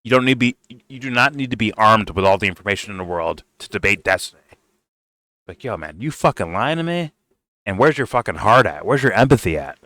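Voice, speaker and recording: Ranting male reaction host, low voice, dry close mic, blunt and profane. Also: animated, fast talker, bright, forceful tone, dry recording. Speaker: commentator reacting to a debate clip.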